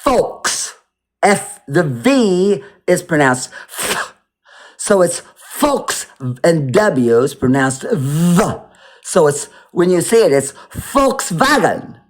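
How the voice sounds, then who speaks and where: A man's voice: on the high side, very animated, takes it slowly. A man giving casual commentary over a video, rambling and repeating words as he mock-teaches pronunciation. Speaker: video reactor.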